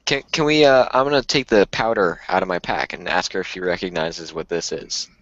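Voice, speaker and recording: A man's voice: low voice, brisk, a bit bright, dry recording, highs cut off. A man playing a tabletop game, casual and joking, often laughing. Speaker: player.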